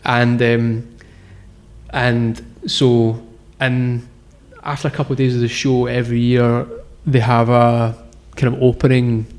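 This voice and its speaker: A man's voice: mid-range voice, flat delivery, a little slow, a little mellow. A man, a guest founder telling his story in a casual interview, rambling with lots of fillers and restarts. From Scotland. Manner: rambling, filler-heavy, self-correcting.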